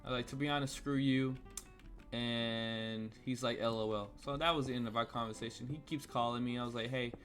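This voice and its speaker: A young American man vlogs while gaming, ranting through a heated, rambling story packed with swearing. His medium-pitched voice is steady, fairly bright and a little fast, with faint cello music behind him.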